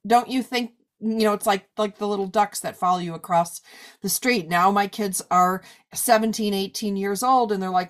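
A woman's voice: medium pitch, moderate pace. A woman in her forties in a casual conversation, talking loosely with lots of "like" and "you know". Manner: chatty, many fillers like "like" and "you know". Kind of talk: casual chat.

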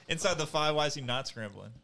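A man co-hosting a casual sports chat with a gravelly, fry-heavy voice. He throws out slangy, joking banter. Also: a little high, animated, a little fast, pushed and bright.

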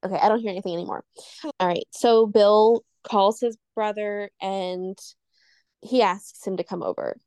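A woman's voice: medium pitch, fairly even intonation, darkish tone, clear, resonant tone, no room sound. A woman co-hosting a podcast, casually retelling a ghost story with rambling asides. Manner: rambling, loses her train of thought, quick asides. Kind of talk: casual chat, telling a scary story.

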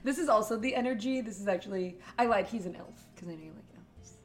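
A woman running a tabletop game as game master, describing the scene with many pauses and fillers. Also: mid-range voice, faint music behind. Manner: rambling, laughing, halting with fillers.

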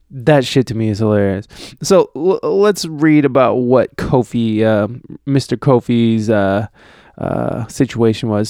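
Male podcast host, casual and crude, smooth clear voice, dry close sound, reads news with side comments. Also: medium pitch, moderate pace, dark tone, no echo. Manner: rambling, crude, with many fillers and restarts. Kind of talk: casual chat, reading news aloud.

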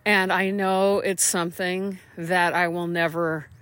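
A woman's voice: fairly low pitch, flat delivery, measured pace, a bit bright, no echo. A woman hosting a casual solo podcast from a small room at home, rambling and self-deprecating, a little stuffy from allergies. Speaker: podcast host.

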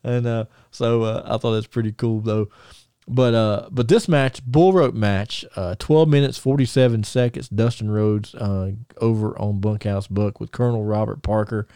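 A man's voice: lowish voice, fairly even intonation, normal speed, warm tone, clean tone, no room sound, clean studio sound. A man hosting a casual podcast, rambling through stories with many fillers and restarts. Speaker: podcast host.

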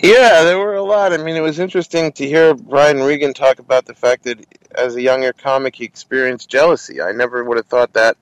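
A man who hosts a comedy interview podcast, telling stories in an animated, casual way with lots of restarts. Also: mid-range voice, a little fast, no room sound, rough recording. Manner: animated, many restarts and quoted voices.

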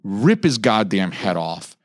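A man's voice: unhurried, no echo, studio quality. A man in his thirties hosting a podcast, ranting in a casual, profane way and mimicking other people's lines in a raised voice. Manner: animated, heavy swearing, mock-quoting others in raised pitch. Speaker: podcast host.

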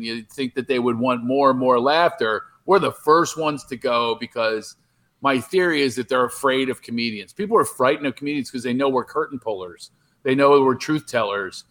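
A middle-aged comedian talking on a podcast interview by remote call, rambling and animated, with many restarts. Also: male voice, medium pitch, normal speed. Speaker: comedian guest.

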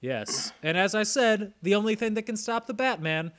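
A man hosts a casual podcast, walking through a movie's plot with a running stream of jokes. His voice is bright and clear, and it swings widely up and down. He sits a little higher than most men. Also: moderate pace. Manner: animated, joking, reading a plot summary aloud. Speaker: podcast host.

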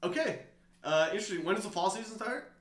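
Brief: upbeat podcast co-host, man, bright high voice, echoey room. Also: fast talker. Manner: playful, animated banter. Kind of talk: casual sports podcast chat.

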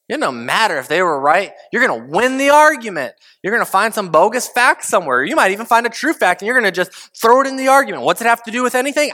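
A man preaching a conversational sermon as pastor, asking rhetorical questions and swinging between loud emphasis and hushed, low asides. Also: lively intonation, fairly quick.

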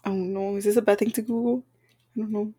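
Nervous, breathy young woman podcaster. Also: medium pitch, flat delivery, quick pace, mellow. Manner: nervous, self-conscious, giggly, apologetic. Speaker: podcast host. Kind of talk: casual solo podcast chat. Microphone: home microphone.

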